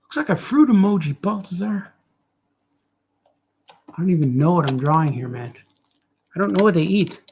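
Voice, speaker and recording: A fairly high-pitched man with a gravelly, husky voice talks his way through a drawing session. He rambles, jokes and thinks aloud in an easygoing, casual way, narrating each choice as he makes it. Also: lively intonation, moderate pace, long pauses, a little mellow. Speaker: cartoonist drawing on a show. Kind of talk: casual commentary while drawing.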